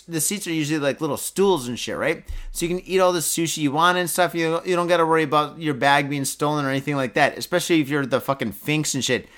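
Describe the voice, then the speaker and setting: A man with a fairly high, fairly bright voice hosts a podcast, casually reading out news stories. He's drunk, swears a lot, rambles, and laughs at his own jokes.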